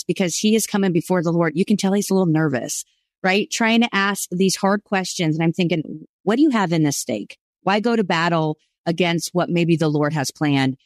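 A woman's voice: on the low side, normal speed, no room sound, studio quality. A woman co-hosting a Bible study podcast, explaining scripture with enthusiasm. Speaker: co-host.

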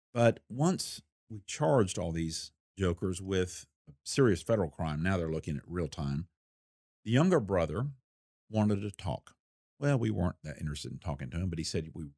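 A man with a slightly low voice recounts an old investigation in an interview, folksy and plain-spoken. He acts out the people he quotes. The recording is close and dry, with no room echo. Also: a little mellow. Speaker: former federal investigator recounting a case. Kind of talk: storytelling in an interview.

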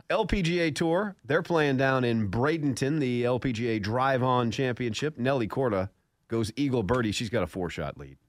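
A man's voice: mid-range voice, lively intonation, normal speed, no room sound, clean studio sound. A man hosting a golf radio show, telling stories and joking with a scratchy throat. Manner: jokey, laughs often while telling stories. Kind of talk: casual studio chat and storytelling. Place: radio studio.

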